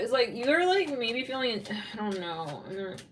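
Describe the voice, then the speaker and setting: Slightly high and sing-song at a normal pace, a Californian woman rambles through a relaxed tarot reading, laughing a lot and leaning on "like." The recording is distant, with a bit of hiss or hum.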